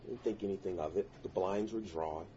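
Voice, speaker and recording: Earnest male storyteller, lowish voice, intense and prayerful; muffled recording with a light hiss. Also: fairly quick, mellow. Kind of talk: personal story told to listeners.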